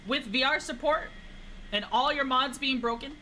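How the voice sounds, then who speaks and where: A woman's voice: high voice, normal speed, bright, forceful tone, slight background noise, low-quality recording. A young woman streaming a flight game, chatting casually and teasing her chat in a playful way.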